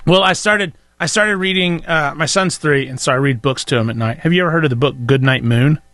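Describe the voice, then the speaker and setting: A man's voice: on the high side, brisk, fairly bright tone, dry recording. A man, co-hosting a radio show with jokey, teasing banter and stories. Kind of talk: casual on-air banter.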